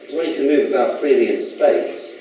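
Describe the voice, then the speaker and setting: A man's voice: mid-range voice, fairly quick, mellow. A man giving a casual public lecture in a chatty, rambling way, often asking the audience questions. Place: lecture room. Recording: echoey hall from far off with faint noise.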